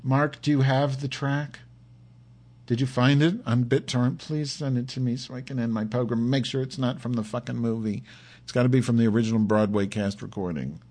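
Husky, profane, rambling podcast man. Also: medium pitch, fairly quick. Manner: profane, campy, rambling, swings from mutters to excited yelps. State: has a headache. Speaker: podcast host.

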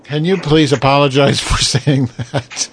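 A man's voice: fairly high pitch, steady tone, a little slow, a little hiss or hum. A man joking crudely with a co-host on a video call, teasing and swearing between laughs. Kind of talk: crude casual banter on a call.

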